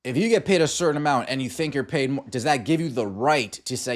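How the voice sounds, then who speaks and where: A man's voice: medium pitch, fast talker. A man hosting a sports podcast, ranting in exasperated commentary over game clips and firing off repeated rhetorical questions. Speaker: podcast host.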